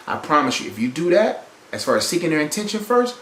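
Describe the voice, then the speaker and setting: A man's voice: on the high side, big pitch swings, fast, a bit bright, roomy sound. A man hosting a podcast, giving emphatic, repetitive relationship advice in a preacher-like way. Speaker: podcast host. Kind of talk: preachy motivational relationship talk.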